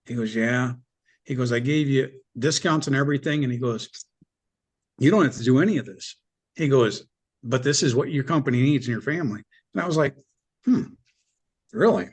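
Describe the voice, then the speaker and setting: A middle-aged man telling his business story in an interview, in a blunt, animated way with some swearing. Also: medium pitch, moderate pace, long pauses, breathy edge. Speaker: business owner guest.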